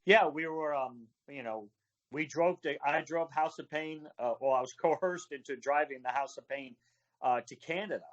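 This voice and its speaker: A man's voice: on the high side, moderate pace, highs cut off. A man telling road stories over a video call, acting out other people's lines as he goes. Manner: animated storyteller acting out quoted voices. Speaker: wrestling referee, guest.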